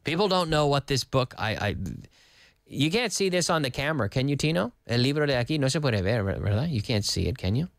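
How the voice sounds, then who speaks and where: Animated male teacher, lively pitch. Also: brisk, creaky, no room sound, clean studio sound. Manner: animated, playful, switches between English and Spanish. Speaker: English teacher. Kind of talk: lively TV English lesson.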